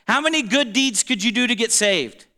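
A man preaching a sermon in an animated, emphatic way, with playful asides. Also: very high-pitched.

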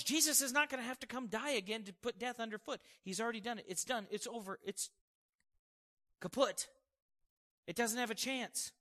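A man's voice: high-pitched, a bit bright, big-room sound. A man preaching a sermon in an emphatic, conversational way, with casual asides to the congregation.

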